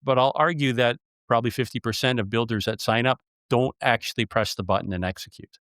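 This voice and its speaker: A man's voice: medium pitch, fairly quick, a bit bright, dry recording, clean studio sound. A man hosting a casual interview, telling stories with emphasis. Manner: storytelling, emphatic. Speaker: podcast host.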